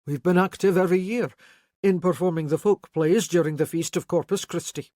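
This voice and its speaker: A guilt-ridden older Highland man, as an audiobook narrator puts him on, speaking with earnest, pleading sorrow. The voice sits in a middle register, and the recording is close and completely dry. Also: brisk, a little mellow, no echo, close to an everyday voice. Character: remorseful older Highland man, Kerr's uncle. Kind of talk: audiobook character voice.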